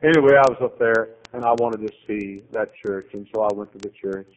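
A man preaching a sermon, rambling through anecdotes and building to loud exhortation. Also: on the low side, fairly quick, dull audio. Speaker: pastor.

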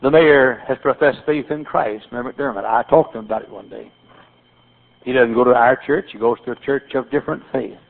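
A man's voice: medium pitch, brisk, gravelly. An older man preaching a sermon as pastor, telling folksy stories with repeated phrases and stammered restarts. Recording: tinny phone-like sermon recording.

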